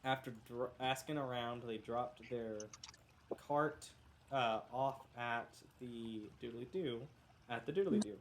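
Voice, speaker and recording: A man's voice: medium pitch, steady tone, slow pace, background noise. A man running a tabletop game, recapping the last session in a loose, rambling way, correcting himself often, coughing now and then because he is unwell. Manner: rambling, self-correcting, joking. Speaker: game master.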